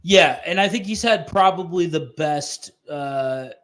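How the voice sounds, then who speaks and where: A young man co-hosting a sports betting show, relaxed and swearing in casual chat. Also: fairly high pitch, unhurried. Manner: laid-back, swearing, laughs easily. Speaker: sports betting podcast co-host.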